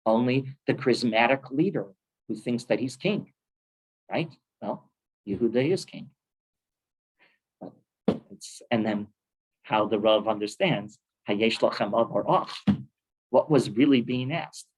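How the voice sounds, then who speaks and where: A man teaching a lively weekly Torah class in a synagogue, animated and full of Hebrew terms. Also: medium pitch, breathy edge, rough recording. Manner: animated, with many Hebrew terms and quick laughs.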